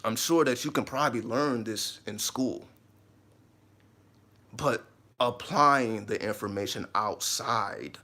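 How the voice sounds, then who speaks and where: A man's voice: medium pitch, slow pace, pauses often, sharp tone. Man giving an emphatic rambling monologue. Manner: emphatic, repetitive, with occasional swearing. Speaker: host of own video channel. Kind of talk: casual explanatory monologue.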